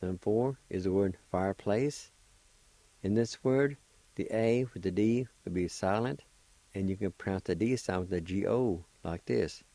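A man's voice: deep voice, normal speed, warm tone, no echo, low-quality recording. A middle-aged man, patiently spelling and sounding out words in a radio language lesson. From Oklahoma, US. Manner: encouraging. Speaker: language teacher and radio host.

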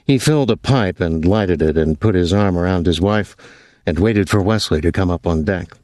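A man reading a novel aloud in measured, even narration. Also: low-pitched, dry recording. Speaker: audiobook narrator. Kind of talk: scripted narration.

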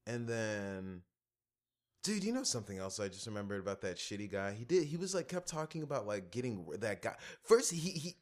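A man in casual chat, animatedly retelling a story with swearing and quick restarts. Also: on the low side, big pitch swings.

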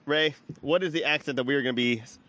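A man's voice: mid-range voice, fast, bright, forceful tone. A man hosting a casual podcast recorded at a brewery, loose and profane, laughing often. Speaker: podcast host. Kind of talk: casual party-game banter.

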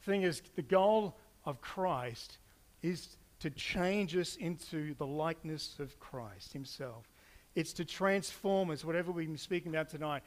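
Male pastor, higher voice, lively storyteller who acts out quotes. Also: a little slow. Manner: animated storytelling, acts out quotes with playful asides. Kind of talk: sermon.

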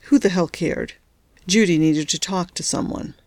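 A woman narrating a novel in a steady, measured storytelling voice. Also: on the low side, no room sound. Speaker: audiobook narrator. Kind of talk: scripted narration.

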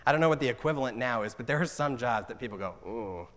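A man preaching a sermon as pastor, earnest, slowing down to stress scripture lines. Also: medium pitch, a bit bright.

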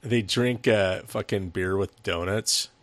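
A man's voice: on the low side, fairly even intonation, slow pace, fairly bright tone, no room sound. A man co-hosting a casual film review podcast, rambling with many restarts and frequent swearing. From United States. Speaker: podcast co-host.

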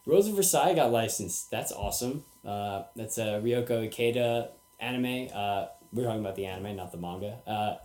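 A man's voice: on the low side, normal speed, few pauses. Chatty podcast guy in an echoey room. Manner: animated, acts out quotes, laughs often. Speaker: podcast host. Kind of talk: casual podcast chat. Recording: roomy echo.

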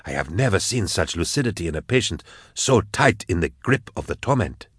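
A gentle male hospice carer in robes speaks in a soft, deep, soothing voice, as a man reads him in an audiobook. He stays calm and quiet throughout, recorded close and dry. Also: fairly quick, breathy edge, no echo, full character voice. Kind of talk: audiobook reading.

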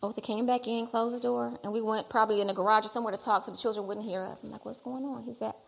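A middle-aged woman preaching a sermon and telling her own testimony. She repeats phrases as she builds toward loud exhortation. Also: on the high side, flat delivery, very fast, vocal fry. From Detroit area. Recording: long hall reverb.

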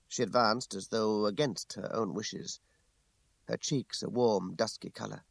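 A man reading a classic novel aloud in the first person, with measured, restrained narration. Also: on the low side, steady tone, gravelly, no room sound. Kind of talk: scripted audiobook narration.

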